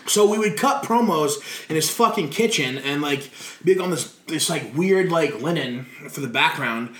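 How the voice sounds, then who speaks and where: A man being interviewed, telling stories in a lively way, swearing freely and laughing as he talks. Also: fairly high pitch, moderate pace, a little hiss or hum. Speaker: guest wrestler. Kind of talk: casual interview storytelling. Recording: roomy echo.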